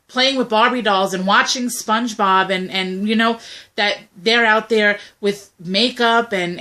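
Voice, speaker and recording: Young woman, co-host; blunt, opinionated casual chat, bright tone. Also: medium pitch. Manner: blunt, animated, mimics quoted voices. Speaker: co-host of a talk video.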